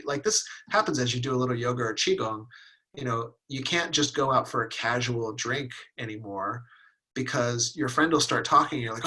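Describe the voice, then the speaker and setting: A man's voice: medium pitch, fairly quick, pushed and bright, rough recording. A middle-aged man teaching a Taoist workshop, talking casually and acting out inner voices with playful laughter. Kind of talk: teaching a live online class.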